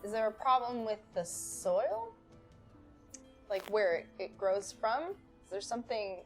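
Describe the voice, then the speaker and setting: A woman's voice: mid-range voice, lively intonation, unhurried, soft background music. Curious woman player asking questions. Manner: curious, asks questions in character. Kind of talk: casual tabletop game chat.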